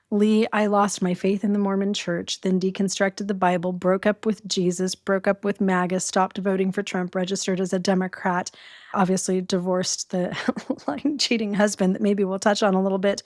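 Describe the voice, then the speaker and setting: A woman in her forties from Arizona, telling her story in a casual podcast interview with animated, quick delivery. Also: medium pitch, dry recording, studio quality. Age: 40s. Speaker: podcast guest.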